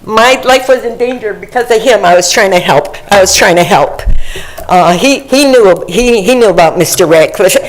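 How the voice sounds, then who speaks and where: A woman's voice: medium pitch, lively intonation, normal speed, low-quality recording. An older woman giving earnest personal testimony during a public comment period, often repeating words and phrases for emphasis, speaking into a podium microphone in a county meeting chamber.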